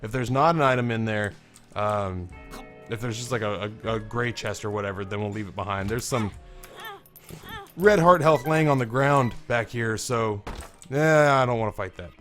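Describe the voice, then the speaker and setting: A man's voice: medium pitch, normal speed, a bit bright, soft background music. A young man with a congested, sick-sounding voice, commentating a video game casually, rambling, swearing and making fun of himself. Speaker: gaming commentator. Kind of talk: casual let's-play commentary.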